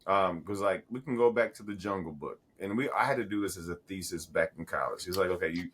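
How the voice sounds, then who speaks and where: A man's voice: low voice, fast talker, fairly bright tone, slightly rough. A man co-hosting a podcast, chatting casually and profanely, rambling and restarting his sentences as he tells stories. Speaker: podcast co-host. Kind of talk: casual chat.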